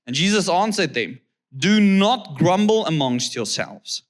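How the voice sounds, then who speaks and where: A man with a South African accent preaching as a guest pastor. He reads scripture slowly, then turns to the crowd with rhetorical questions and keeps checking in with "okay?". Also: on the high side, a bit bright. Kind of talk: sermon with scripture reading.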